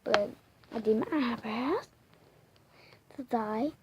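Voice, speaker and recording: A woman's voice: a little high, steady tone, unhurried, noisy background. A young girl vlogging a playful crafts video, giggly and rambling, often dropping into whispered asides.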